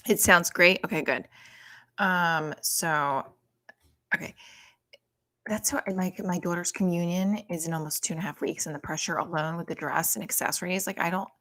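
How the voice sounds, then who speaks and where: Low-voiced woman doing rambling stand-up. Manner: rambling, profane, many "like" fillers; often hushed, talking quietly. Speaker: stand-up comedian. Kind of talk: casual stand-up on a livestream.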